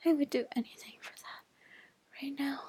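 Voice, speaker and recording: Slow, high breathy woman in whispered role-play. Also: darkish tone, no room sound. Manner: breathy and slow, with frequent sighs. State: slightly rough voice, just woke up.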